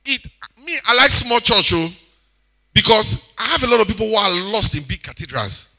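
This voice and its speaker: A man with a Nigerian accent preaching to a congregation, animated, swinging between loud exclamations and quiet asides. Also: high voice, moderate pace. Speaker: church speaker exhorting congregation. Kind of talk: sermon.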